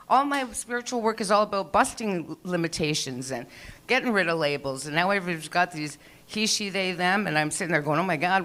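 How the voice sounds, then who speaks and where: An older woman doing a stand-up comedy set, telling stories in a chatty, profane way, full of fillers and restarts. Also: on the low side. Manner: chatty, profane, animated storytelling with many fillers. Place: small comedy venue.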